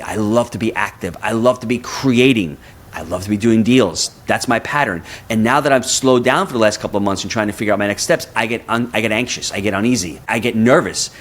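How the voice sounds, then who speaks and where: A man in his fifties, a guest on a podcast interview, talking energetically and often repeating words as he builds a point. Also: medium pitch. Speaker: guest, real estate investor.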